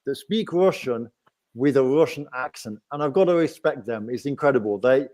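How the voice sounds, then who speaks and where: A man's voice: mid-range voice, expressive, normal speed, a little mellow. A man with a Nottingham English accent hosting a casual livestream chat, rambling and often asking "right?". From England. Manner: chatty, rambling with frequent "right?". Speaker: host.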